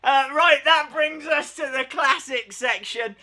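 A man's voice: very high voice, unhurried, bright, forceful tone, soft background music. A man who runs a wrestling channel, giving casual video commentary and often breaking into laughter. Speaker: wrestling YouTuber.

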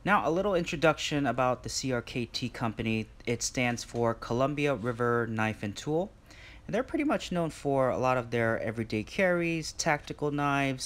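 A vlogger with a medium-pitched, slightly bright voice unboxes something at home in a casual vlog. He chats straight to his viewers, leaning heavily on fillers.

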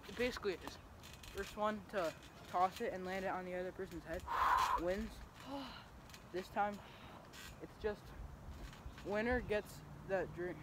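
A man hosting a playful challenge vlog on a backyard trampoline, talking to viewers through a handheld camera, tired and a bit out of breath. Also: sits high. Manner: upbeat, playful, addresses viewers. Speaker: vlogger. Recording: loud outdoor background noise.

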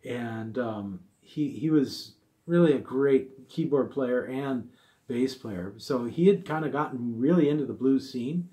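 A man's voice: medium pitch, measured pace, warm tone. A middle-aged man telling a casual story about an old gig, rambling and fond, with many asides. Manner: rambling, fond, full of asides and quoted voices.

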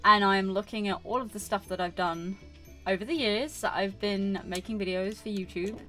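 A woman's voice: mid-range voice, normal speed, sharp tone. Chatty woman rambling over game music. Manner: chatty, self-chiding, rambling with many fillers. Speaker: gaming YouTuber. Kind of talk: casual gameplay commentary.

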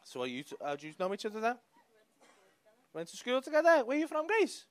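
A man's voice: extremely high pitch, huge pitch swings, fast talker. A young man with a Liverpool accent doing stand-up crowd work on a comedy club stage, teasing audience members with brash, sweary banter into a handheld mic.

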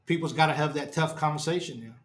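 A man hosting a fan podcast, ranting on a live stream in a distraught, halting way, repeating himself and trailing off low. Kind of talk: emotional live-stream rant. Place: his apartment.

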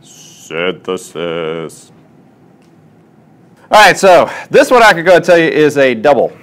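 Lively male chemistry tutor. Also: a little high, fairly quick. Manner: lively, questioning teacher talk. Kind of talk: classroom lesson.

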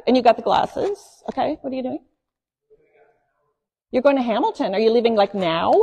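A woman's voice: high-pitched, darkish tone, breathy edge. A woman minister giving a chatty, joking sermon and asking the congregation questions from the front of the church. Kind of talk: conversational sermon. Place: church sanctuary. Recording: long church reverb.

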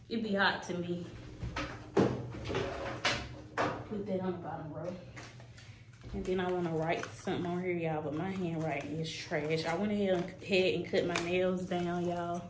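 A woman nail technician chatting casually to her viewers, aggravated, swearing in passing. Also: fairly low pitch. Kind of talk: casual vlog chat. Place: small nail salon room, indoors. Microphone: camera set down at a distance, no tripod. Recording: echoey room, distant mic, background noise.

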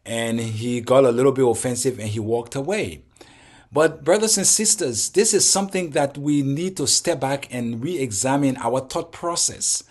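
A man's voice: mid-range voice, normal speed, darkish tone. A man, speaking earnestly to his channel's viewers in a preaching tone full of rhetorical questions. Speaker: channel host. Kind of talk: direct-to-camera monologue.

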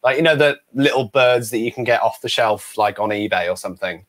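A man, a guest ventriloquist, telling stories in a lively chat and acting out other people's voices. He talks from a room at home over a video call. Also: mid-range voice, a little fast. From United Kingdom. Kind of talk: animated storytelling in a chat.

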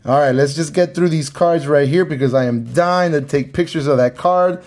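A man from Miami opening trading card packs on camera, talking casually to his viewers and repeating his words when excited. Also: a little high, moderate pace. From Miami, Florida. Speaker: card collector. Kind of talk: casual pack-opening commentary.

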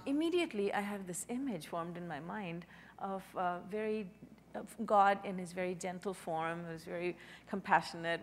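A woman speaking on a panel, telling gentle stories with soft chuckles. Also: fairly low pitch. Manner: gentle storytelling, chuckles softly. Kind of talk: panel discussion. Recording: hall reverb, faint noise.

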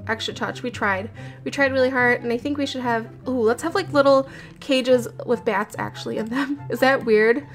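Building in a game, a woman talks to her viewers in a chatty, nervous, giggly manner. She has a slightly high voice with a steady tone at normal speed, and game audio with background music plays behind her.

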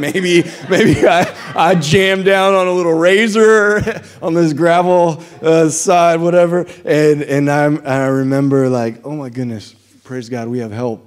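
Animated male pastor telling a story. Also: a little high, smooth. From Southern California. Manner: animated storyteller acting out dialogue. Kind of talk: sermon storytelling.

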